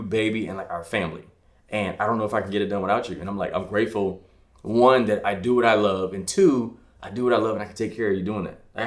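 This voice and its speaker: Low-voiced man chatting in an echoey room. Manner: relaxed, heavy use of "like", teasing. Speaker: podcast co-host, husband. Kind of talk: casual chat.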